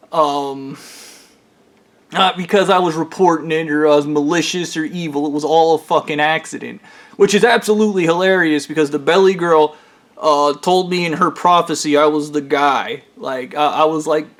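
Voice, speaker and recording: A man telling a long personal story in a casual, rambling monologue, swearing freely and stumbling through fillers and restarts. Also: on the high side. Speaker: storyteller recounting his own experiences.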